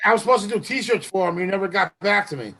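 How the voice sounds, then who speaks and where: A man's voice: high-pitched, expressive, quick pace, background noise. A man, a wrestler guest, teasing and boisterous in a casual chat.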